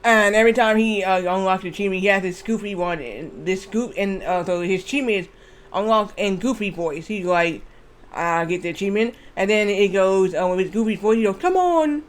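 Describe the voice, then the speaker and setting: High-voiced rambling male streamer. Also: brisk. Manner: rambling, restarts, swears freely. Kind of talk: casual gameplay commentary.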